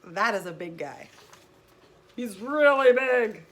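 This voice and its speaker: A woman's voice: sits high, very animated, a little slow, a bit bright, a little hiss or hum, voice pushed up, heavily acted. A woman voicing an anxious male elephant from a picture book, exclaiming in alarm. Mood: worried. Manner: exclaiming, startled.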